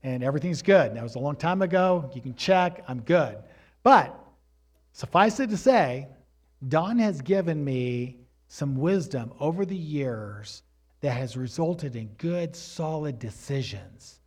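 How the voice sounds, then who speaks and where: A middle-aged man preaching a sermon, mixing plain exhortation with a personal story told in a relaxed, conversational way. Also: on the high side, a little slow. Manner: rises to emphatic exhortation. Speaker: pastor.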